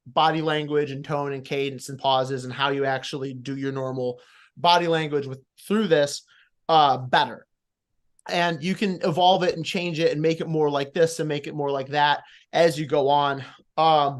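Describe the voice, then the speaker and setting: Male judge, higher-pitched, talks through notes with lots of fillers, on a computer video call. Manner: coaching, encouraging, thinks aloud with fillers. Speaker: promo competition judge. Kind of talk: casual critique on a live panel.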